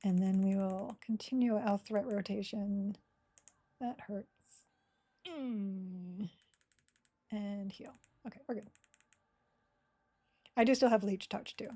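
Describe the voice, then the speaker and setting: A woman's voice: mid-range voice, slow, pauses often, warm tone. A woman streaming a game live, chatting casually with her viewers and her game characters and giggling often. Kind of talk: casual live gameplay commentary.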